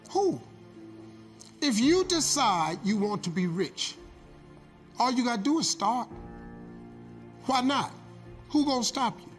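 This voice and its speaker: A man's voice: sits high, big-room sound. A man giving a preached motivational speech, rhythmic and repeating lines for emphasis. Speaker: motivational speaker.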